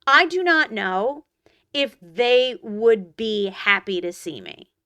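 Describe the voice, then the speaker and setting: A blunt woman around forty chats as a podcast co-host, her voice bright and forceful and a touch high. The sound is smooth and crisp, recorded dry and close with no room around it. She leans on words emphatically and swears freely. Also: very animated, takes it slowly, no echo. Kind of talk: casual chat.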